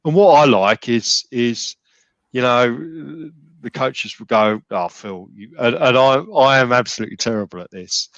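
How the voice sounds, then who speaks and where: A man's voice: medium pitch, moderate pace, fairly bright tone, no room sound, highs cut off. A man talking casually as a podcast guest, rambling with many restarts and fillers. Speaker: gym member guest.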